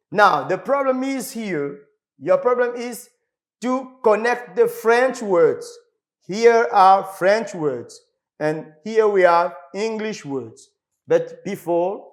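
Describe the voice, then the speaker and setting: Slow, lively-pitched man teaching a class. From Republic of the Congo. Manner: slow, repetitive, drilling words for the class. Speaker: English teacher. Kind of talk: televised classroom lesson.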